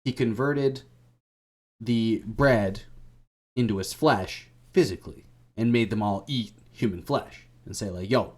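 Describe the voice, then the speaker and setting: A man's voice: on the low side, unhurried, a little mellow. A man hosting a podcast, giving a rambling, irreverent comedic retelling full of slang. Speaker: podcast host.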